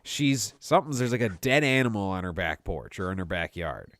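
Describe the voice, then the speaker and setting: A young man telling a story in casual chat, animated and swearing freely, acting out the voices of people in it. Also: low-pitched, brisk, no echo. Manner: animated, swearing often, acts out quoted voices. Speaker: podcast co-host telling a story.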